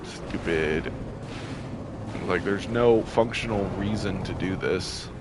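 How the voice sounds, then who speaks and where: A man with a fairly low voice chats through a game session on a desk mic, easily irritated and quick to laugh. A faint hiss of noise sits under his voice. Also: steady tone. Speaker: gameplay video host. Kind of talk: casual gameplay commentary.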